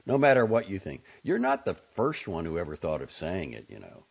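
A man's voice: low voice, wildly swooping pitch, fairly quick, gravelly, slightly rough, heavily acted. A man voicing a glib, outspoken young man in an audiobook reading, wry and sardonic. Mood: earnest. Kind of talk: audiobook character voice. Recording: dull lo-fi audio.

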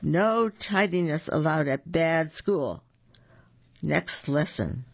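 Reader doing stern storybook principal, gravelly, slow. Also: medium pitch, animated, no echo, exaggerated voice. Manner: curt and commanding. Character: strict stern male school principal. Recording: dull lo-fi recording.

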